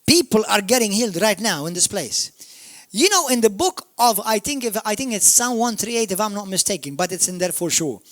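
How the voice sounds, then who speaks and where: A man with a Maltese accent preaching a sermon, emphatic, swinging from shouts down to murmurs. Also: sits high, sing-song, brisk, no room sound. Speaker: pastor. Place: church.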